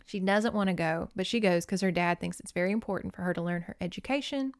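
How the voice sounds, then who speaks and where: A woman's voice: lowish voice, fast, no room sound, clean studio sound. A woman hosting a casual book recap, chatting, swearing and laughing as she retells the story. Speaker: host reviewing books.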